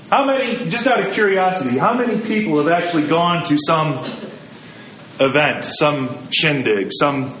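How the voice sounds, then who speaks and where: A man's voice: a little high, a bit bright, reverberant, a little hiss or hum, poor audio. A man giving a sermon in a conversational, storytelling way, acting out the quotes he tells. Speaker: preacher.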